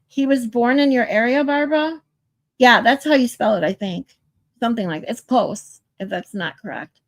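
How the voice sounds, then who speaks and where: Here a livestream host who's short on sleep talks at normal speed in a fairly high voice, with no echo. Her chat with live viewers is loose and includes reading their comments aloud.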